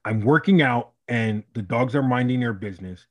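A married man from Chicago telling a story in a casual podcast chat, animated and profane, acting out the people in it. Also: mid-range voice, moderate pace. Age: adult, married. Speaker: podcast co-host.

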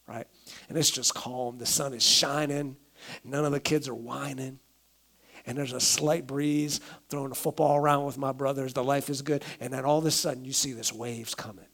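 A middle-aged man, a pastor, preaching a sermon in a conversational way, acting out everyday quotes. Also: fairly high pitch.

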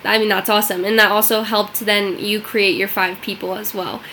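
Woman host being encouraging, says um a lot, bright voice, faint background hum. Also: mid-range voice, little pitch movement, moderate pace. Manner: encouraging, admiring, many "um" fillers. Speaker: podcast host. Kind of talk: casual interview chat.

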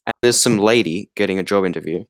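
A man's voice: low voice, quick pace, no room sound. A tired man co-hosting a podcast, chatting casually about a film and rambling with lots of fillers and laughs. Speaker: podcast co-host.

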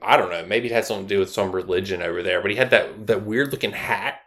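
A man in his thirties co-hosting a casual podcast, telling stories and jumping high in pitch when he quotes people. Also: quick pace, vocal fry. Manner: animated storytelling, jumps high when quoting people. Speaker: podcast co-host. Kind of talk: casual chat.

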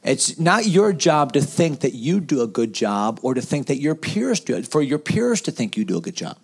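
A pastor in a round-table discussion on preaching, talking in an animated way with rhetorical questions and frequent restarts. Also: male voice, medium pitch, moderate pace, husky.

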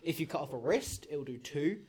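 A man running a tabletop game as dungeon master, speaking with a fairly high voice. He narrates in a loose, casual way. He often wanders a little as he explains things. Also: expressive, brisk, a little mellow, a little hiss or hum.

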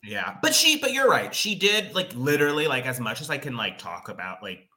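A man's voice: fairly high pitch, a little fast. A man co-hosting a podcast, chatting casually about a movie with lots of "like" fillers. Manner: animated, many "like" fillers. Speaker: podcast co-host. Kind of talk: casual movie recap chat.

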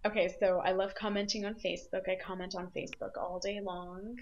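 A woman co-hosting a podcast in casual chat, relaxed and offhand, laughing easily. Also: mid-range voice, a little fast, dull audio. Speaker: podcast co-host.

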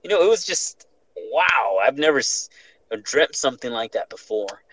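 A man's voice: mid-range voice, normal speed, husky, no room sound, poor audio. Profane man telling a scary story. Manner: profane, animated, restarts often. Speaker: podcast host telling a story. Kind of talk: casual storytelling.

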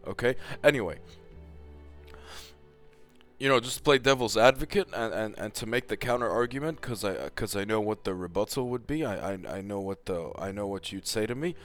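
A man's voice: fairly low pitch, normal speed, a bit bright, faint music behind. A man giving a casual, heated rant with lots of swearing and emphatic repetition, as a tennis commentator.

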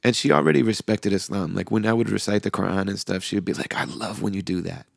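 Deep, gravelly-voiced man telling a heartfelt story. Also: fast, dry recording, clean studio sound. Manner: soft-spoken, heartfelt, with frequent fillers and quoted dialogue. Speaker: podcast host. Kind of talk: reflective personal storytelling.

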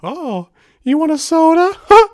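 A man putting on a squeaky falsetto cartoon mouse voice that cheerfully gouges prices. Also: big pitch swings, measured pace, darkish tone, dry recording, clean studio sound, full character voice. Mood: mocking. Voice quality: very high squeaky falsetto, giggly "huh?". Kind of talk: comic impression in a podcast.

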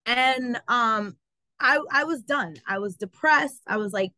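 A woman telling her story as an interview guest, animated and full of fillers like "like" and "um". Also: medium pitch, unhurried, no echo, poor audio. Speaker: guest, travel business owner. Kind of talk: casual interview.

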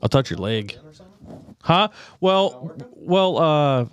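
Brief: male podcast host, relaxed, chatty, quick to laugh, casual swearing. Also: on the high side, clear, resonant tone. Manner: laid-back, laughs often, swears casually. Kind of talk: casual chat. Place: small home studio.

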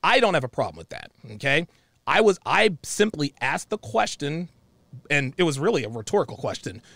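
Blunt, lively talk-show host man. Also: fairly high pitch, brisk, gravelly, dry recording. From United States. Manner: blunt, interrupts callers with repeated "hold on". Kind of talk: opinionated call-in talk.

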